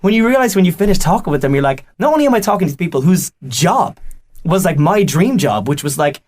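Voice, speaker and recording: A man's voice: sits high, very animated, a little mellow. A young Irish man, a radio presenter, chatting eagerly and telling stories on a podcast. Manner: chatty storyteller, fast and eager. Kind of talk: casual podcast chat. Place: radio studio.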